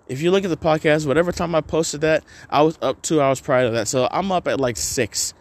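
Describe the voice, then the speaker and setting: A man's voice: on the high side, brisk. A man hosting a podcast alone, telling a story in a rambling, profane way full of filler words. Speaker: podcast host. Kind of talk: casual solo storytelling.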